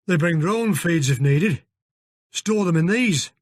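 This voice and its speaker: A man voicing a gruff, defensive stables manager with a northern English accent, talking bluntly. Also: on the high side, lively intonation, a little slow, no room sound, studio quality, voice pushed up. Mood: matter-of-fact. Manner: blunt, curt.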